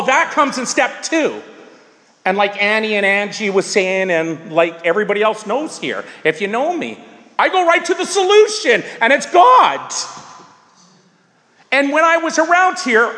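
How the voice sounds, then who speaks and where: High-pitched guy sharing at a meeting, super animated, keeps repeating himself, big echoey hall. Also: normal speed. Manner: emphatic, repetitive, animated preaching tone. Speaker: recovery meeting speaker. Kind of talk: sharing at a twelve-step meeting.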